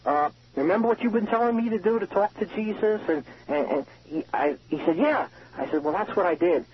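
A man in prison gives an emotional, earnest testimony over a muffled payphone line, often starting his sentences again. His voice sits high and moves a little fast, with slight background noise behind it.

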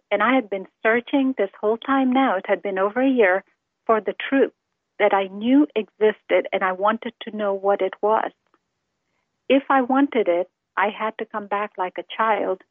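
A woman's voice: mid-range voice, no echo. Woman telling her faith story, earnest and heartfelt, tinny phone sound, dry. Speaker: testimony speaker. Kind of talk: personal conversion testimony.

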